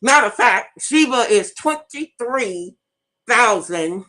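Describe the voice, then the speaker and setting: Radio host, woman in her fifties, blunt and emphatic, tells stories to the audience with a fairly high voice. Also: animated, takes it slowly, sharp tone, low-quality recording. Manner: storytelling, addresses audience directly, emphatic and blunt. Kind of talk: casual monologue to listeners.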